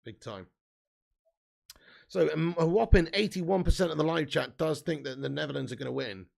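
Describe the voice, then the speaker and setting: Gravelly English man hosting a watch-along stream. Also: on the high side, moderate pace, darkish tone. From England. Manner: banter-heavy, laughs often, reads comments aloud. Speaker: live stream host. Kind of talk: casual football watch-along chat reading live chat.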